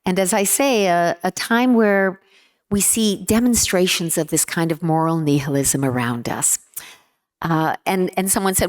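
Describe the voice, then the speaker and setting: A woman giving a formal speech in an earnest, measured way, stressing repeated words. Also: lowish voice. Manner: earnest, measured, with emphatic repetitions. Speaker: speaker.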